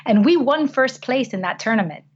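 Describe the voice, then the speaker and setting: A woman's voice: a little high, animated, a little fast. A woman speaking as a podcast guest, telling personal stories in an earnest, heartfelt way with frequent restarts. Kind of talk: conversational storytelling. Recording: slightly dull lo-fi recording.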